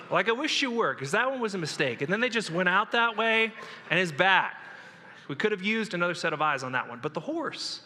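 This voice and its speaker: A male pastor preaching an animated sermon, with a high, bright voice. The sound rings through a large church hall with a long reverb. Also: a little fast. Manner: animated, jokey. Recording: echoey hall.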